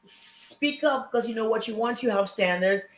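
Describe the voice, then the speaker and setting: A woman hosting a relationship talk show, telling stories with lively energy and acting out the people she talks about. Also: fairly high pitch, moderate pace, reverberant, rough recording. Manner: animated storytelling, acts out callers' lines. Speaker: podcast host. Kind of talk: casual chat.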